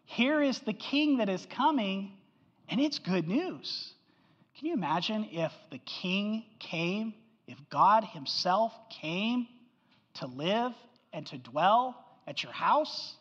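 A man's voice: sits high, lively intonation, takes it slowly, a bit bright, in a large hall, dull audio. A man preaching a sermon as pastor, in a conversational style that keeps checking in with the congregation.

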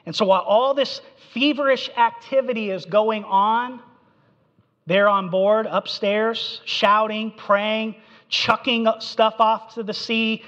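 A man's voice: sits high, fairly bright tone. A man preaching a sermon, telling the story with animation and acting out the quotes, in a dull recording in a reverberant hall. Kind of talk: expository sermon.

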